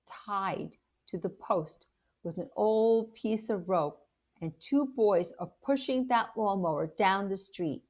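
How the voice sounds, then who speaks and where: A woman, a teacher, reading a children's novel aloud in an animated storytelling way and stopping to ask the listener questions about the story. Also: medium pitch, slow.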